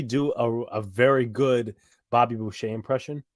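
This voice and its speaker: A man's voice: mid-range voice, normal speed, dry recording, clean studio sound. A man co-hosting a live sports stream, joking around, quoting film lines and tripping over his words. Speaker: co-host. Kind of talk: casual live sports chat.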